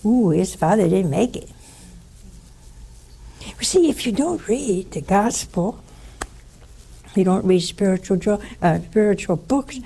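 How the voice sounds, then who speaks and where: A woman giving a conversational spiritual teaching, telling stories with lively asides to her listeners. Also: medium pitch, a little slow, creaky, pauses often, husky.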